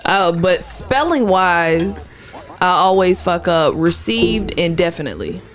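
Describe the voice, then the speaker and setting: A woman's voice: on the low side, sing-song, measured pace, faint music behind. A woman co-hosting a comedy podcast, talking frankly and easily, with casual swearing. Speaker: podcast co-host.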